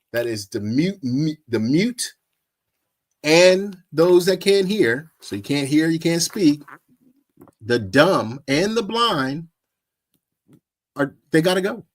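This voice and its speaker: A man preaching in a loose, storytelling way, animated and mocking, often acting out what others said. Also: fairly high pitch, slow, pauses often. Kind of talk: informal sermon with storytelling.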